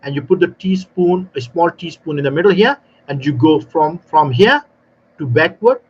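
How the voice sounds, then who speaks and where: A man with a high voice explains things with animated storytelling, his grammar loose and non-native. He acts out small exchanges as he goes. The audio is dull and lo-fi. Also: moderate pace, slight background noise. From South Africa. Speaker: barista trainer guest. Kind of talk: live panel talk.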